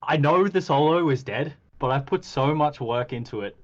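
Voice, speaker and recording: A man in a casual chat, recounting a game in an animated way, acting out quoted exchanges with plenty of ums. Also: on the high side, moderate pace, dull audio. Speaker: podcast host reviewing a game.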